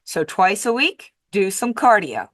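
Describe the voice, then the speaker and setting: A woman doing a sweet older Texan lady with a Texas accent, neighborly and unhurried, a voice of middling pitch, close and dry. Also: very animated, fairly bright tone, dry recording. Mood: earnest. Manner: sweet, unhurried advice-giving.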